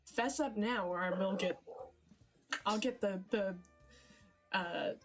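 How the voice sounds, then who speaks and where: A woman voicing a stern older elven woman who guards the local children, scolding and suspicious in a halting way. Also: medium pitch, natural voice. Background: background music.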